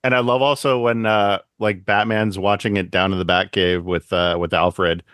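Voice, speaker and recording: A man's voice: deep voice, moderate pace, clean tone, dry recording, studio quality. A man co-hosting a podcast, talking casually about a film and acting out quoted lines in playful voices. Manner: animated, acts out quotes in funny voices. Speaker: podcast co-host. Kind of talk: casual movie discussion.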